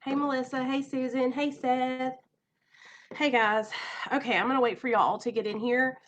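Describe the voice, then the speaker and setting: A woman's voice: sits high, fairly even intonation, normal speed, lo-fi sound. A young woman, chatting casually and emotionally on a home live stream, nervous and rambling. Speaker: vlogger.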